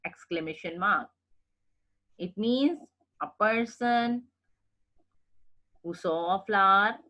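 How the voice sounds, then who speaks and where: A woman's voice: fairly low pitch, slow pace, long pauses, bright, forceful tone. A woman giving a recorded English grammar lecture, explaining patiently and repeating points, often checking in with "okay?". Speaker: English teacher.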